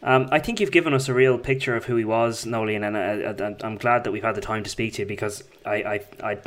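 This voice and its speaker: A man with a low voice hosts an interview podcast. He speaks earnestly to his guest. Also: fairly even intonation, quick pace. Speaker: podcast host.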